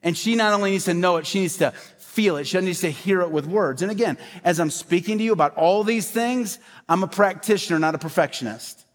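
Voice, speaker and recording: A man's voice: high voice, a little fast, few pauses. A man preaching a sermon in a church, talking conversationally and animatedly to the congregation with asides. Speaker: pastor. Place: church sanctuary. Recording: hall reverb.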